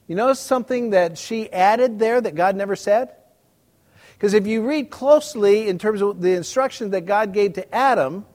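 High-voiced preacher in a reverberant hall. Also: male voice. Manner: conversational, joking asides to the congregation. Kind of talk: sermon with Bible reading.

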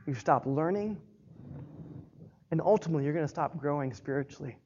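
A man's voice: on the high side, darkish tone, muffled recording. A man in his thirties preaching a sermon, earnest and encouraging as a pastor.

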